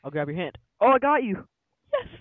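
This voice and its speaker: A man's voice: high-pitched, sing-song, brisk, no echo, phone-quality sound. A man swearing and trash-talking his friend in casual banter while playing a game together. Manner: swears a lot, playful trash talk. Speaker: let's play gamer.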